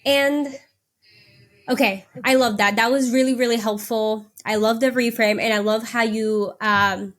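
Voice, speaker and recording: A woman's voice: fairly high pitch, steady tone, a little slow, a bit bright. A woman hosting a podcast interview, affirming her guest and explaining her thoughts with some hesitant restarts. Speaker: podcast host. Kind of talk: interview conversation.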